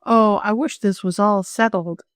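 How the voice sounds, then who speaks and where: A woman's voice: medium pitch, fairly even intonation, a little slow, clear, resonant tone, dry recording, studio quality, voice pushed up, natural voice. A woman voicing a fretful young girl in a storybook, speaking with a sighing, worried manner.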